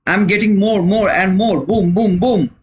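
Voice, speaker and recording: A man's voice: sits high, measured pace, low-quality recording. A man hosting a live trading stream, chatting casually and answering viewers' comments, with frequent repeated words. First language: not English. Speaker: trading livestream host.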